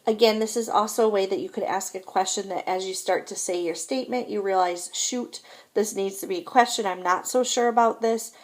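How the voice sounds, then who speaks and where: A woman's voice: mid-range voice, brisk. A woman teaching French grammar in a recorded lesson, patient and repetitive, often checking in with "okay?". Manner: patient, repeats "so again" and "okay?".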